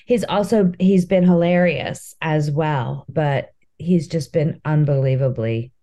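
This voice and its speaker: A woman comedian speaks as a podcast guest, candid and heartfelt in her stories. Her voice is low and mellow, and she talks at a slow, easy pace. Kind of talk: casual interview chat.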